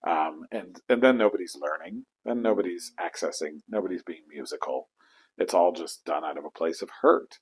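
A man who conducts choirs, speaking reflectively in an interview and acting out inner voices with sudden high exclamations. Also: moderate pace, breathy edge, low-quality recording. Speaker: choral conductor. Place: church.

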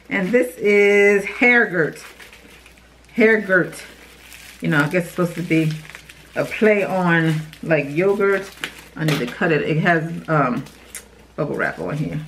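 A woman's voice: medium pitch, a little slow, a little hiss or hum. Bubbly woman unboxing beauty products. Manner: bubbly and excitable, talks to viewers as "y'all". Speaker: beauty YouTuber. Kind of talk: casual unboxing vlog.

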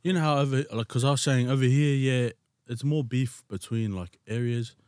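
A man's voice: mid-range voice, steady tone, normal speed, background noise. A young man talking in a laid-back, sweary way in a casual podcast chat. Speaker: podcast host, musician.

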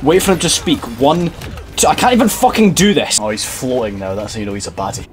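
A man's voice: mid-range voice, quick pace, a crowd in the background. A young man giving sarcastic, profane let's-play commentary on a video game, laughing often. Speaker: gaming video creator.

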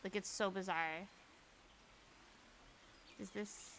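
Bright-voiced excitable woman streamer. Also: mid-range voice, slow pace, a little hiss or hum. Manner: excitable, swears casually. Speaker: live streamer. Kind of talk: casual live gameplay commentary.

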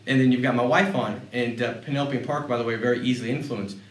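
A man's voice: medium pitch, quick pace. Man giving a motivational talk, roomy and distant. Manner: lively storyteller who often repeats words as he goes. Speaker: sales leader speaking on a panel. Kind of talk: motivational talk with personal stories. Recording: roomy sound, mic at a distance.

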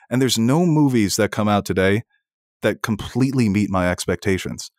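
A man's voice: sits low, quick pace, no room sound, studio quality. A man co-hosting a podcast, chatting casually and enthusiastically about films, often laughing and swearing. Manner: enthusiastic, laughs while talking. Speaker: podcast co-host. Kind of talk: casual film discussion.

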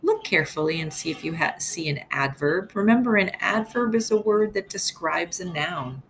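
A woman's voice: fairly low pitch, slight background noise. A woman teacher reading a storybook aloud for young children, stopping to ask them questions. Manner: slow, expressive, quizzing young listeners. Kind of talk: read-aloud storybook lesson.

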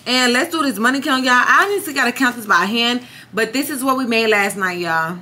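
A young woman vlogging casually to a phone camera in a room, chatty and animated, addressing viewers constantly with a hum from an air conditioner behind her. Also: on the high side, brisk. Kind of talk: casual vlog chat to camera.

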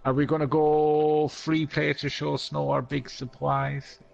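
A man's voice: fairly high pitch, little pitch movement, measured pace, gravelly, dull audio. A man playing a video game with friends, chatting and teasing in a laid-back way. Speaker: co-player. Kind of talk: casual gaming chat.

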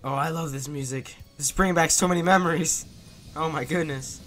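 A man's voice: on the high side, fairly quick, a bit bright, soft background music. A young man giving casual, jokey, self-mocking commentary while playing a video game. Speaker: let's player.

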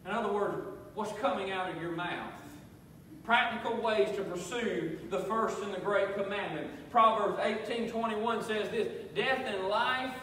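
A man's voice: high-pitched, measured pace, bright, forceful tone, slight background noise. A male pastor preaching an emphatic sermon in a church, repeating key phrases and calling on the congregation to answer back. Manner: emphatic preaching with call-and-response and repetition. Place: church sanctuary. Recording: echoey church hall, voice from far off.

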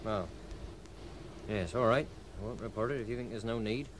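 A man's voice: fairly low pitch, normal speed, natural voice. Radio play: man voicing a concerned ship's officer; hissy old recording. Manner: cautious, concerned. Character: cautious, concerned male third officer. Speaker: third officer.

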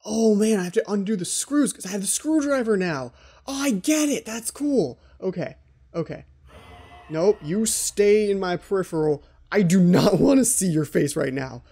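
A man's voice: high voice, expressive, normal speed, gravelly, warm tone, husky. A man hosting a let's play, giving jittery, frightened commentary on a horror game and talking to himself.

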